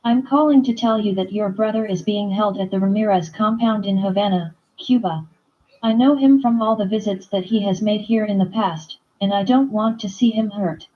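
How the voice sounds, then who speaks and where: A woman reading the lines of a secretive female caller with a Spanish accent, hurried and urgent. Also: medium pitch, highs cut off, natural voice.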